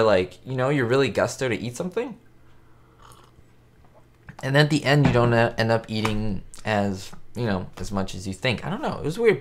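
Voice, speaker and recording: A man hosting a casual live chat on a facecam, answering viewers' comments in a rambling, chatty way with lots of fillers. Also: fairly low pitch. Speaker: host of a live chat stream about a classic sitcom.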